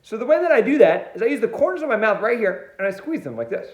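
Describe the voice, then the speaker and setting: An energetic male music teacher talks right to the camera in a quick, lively, high voice that jumps all over. His upbeat, playful lesson rings out in a roomy, echoing space. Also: dull audio. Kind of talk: online music lesson for kids. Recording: roomy echo.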